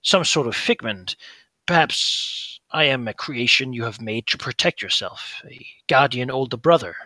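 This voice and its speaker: A composed, learned older brother, voiced by a man, who probes gently and sincerely. He speaks with a husky, bright tone and plenty of movement in his pitch, close and dry. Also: expressive, dry recording. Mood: earnest. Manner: measured, earnest questioning. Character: calm, curious older brother, arcane scholar.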